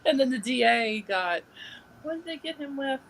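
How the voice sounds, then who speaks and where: Woman podcast co-host, gravelly and animated, rambling chatter over faint noise. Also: high-pitched, normal speed, rough recording. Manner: laughs often, rambling storytelling. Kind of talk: casual chat.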